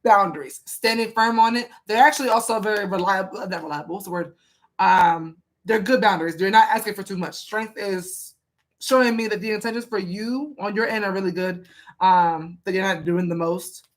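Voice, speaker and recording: A woman's voice: mid-range voice, moderate pace. A woman reading tarot cards for a viewer in a casual, chatty way, asking the cards questions aloud and speaking with emphasis. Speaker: tarot reader.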